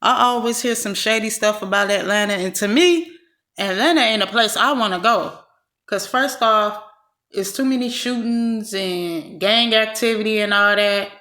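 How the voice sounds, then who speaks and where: A woman's voice: medium pitch, moderate pace, bright, forceful tone. A woman from California giving blunt, exasperated commentary straight to her viewers. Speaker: vlogger commenting on a clip. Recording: roomy echo.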